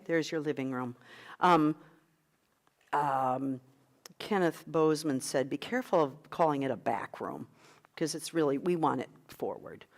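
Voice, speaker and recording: Middle-aged woman, vocal coach, encouraging, slightly low voice, guides breath work. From United States. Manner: guiding breathing exercises, encouraging. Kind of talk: online vocal workshop.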